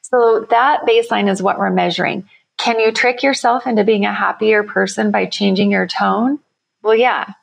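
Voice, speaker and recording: A woman company founder, guest on an interview, explaining her work energetically with quick everyday examples. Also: medium pitch, steady tone, creaky, low-quality recording. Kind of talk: conversational interview.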